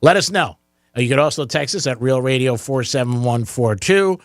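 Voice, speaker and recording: A man hosting a talk radio show in the studio, joking and getting excited, laughing often. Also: medium pitch, moderate pace, dry recording. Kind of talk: casual talk radio banter. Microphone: studio microphone.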